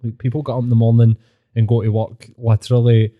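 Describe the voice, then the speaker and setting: A man's voice: mid-range voice, little pitch movement, fast, phone-quality sound. A man with a Glaswegian accent hosting a podcast, ranting and mocking in sweary casual chat. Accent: Scottish (Glaswegian). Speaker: podcast host.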